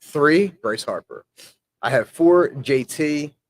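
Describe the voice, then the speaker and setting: A young man co-hosting a casual sports podcast, gruff and exasperated, swearing casually. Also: on the high side, expressive, slow pace. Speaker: podcast co-host.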